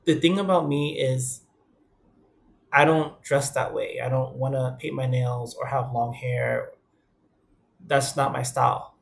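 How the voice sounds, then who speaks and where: Gravelly-voiced young man from the Bronx. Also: mid-range voice, fairly even intonation, measured pace, pauses often. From the Bronx, New York. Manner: earnest, conversational, quotes others in dialogue. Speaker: vlogger. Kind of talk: candid personal talk to camera.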